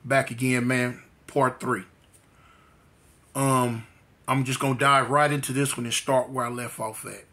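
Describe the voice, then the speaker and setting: A man's voice: mid-range voice, flat delivery, measured pace, pushed and bright. A middle-aged man from telling his life story in slangy street talk, full of fillers. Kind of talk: casual storytelling.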